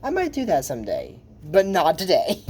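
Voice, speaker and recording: A man's voice: high voice, huge pitch swings, normal speed, a little mellow, breathy edge. A man chatting casually as he recaps a cartoon episode, rambling with lots of asides and fillers. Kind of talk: casual commentary.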